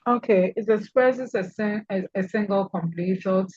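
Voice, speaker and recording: A woman's voice: mid-range voice, normal speed, a little mellow, breathy edge, no room sound, dull audio. A woman lecturer teaching an online class, calling on students and repeating key points to stress them.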